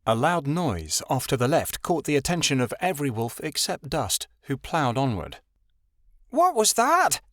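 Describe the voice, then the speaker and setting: A man narrating a fantasy audiobook in an expressive storytelling style. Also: mid-range voice, moderate pace, hardly any pauses, no room sound, clean studio sound. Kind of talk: scripted narration.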